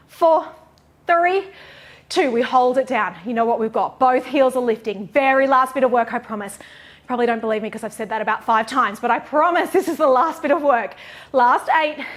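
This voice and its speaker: A woman's voice: high voice, fairly bright tone. A young woman teaching a pilates class, counting reps aloud and cueing form encouragingly while out of breath. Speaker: pilates instructor.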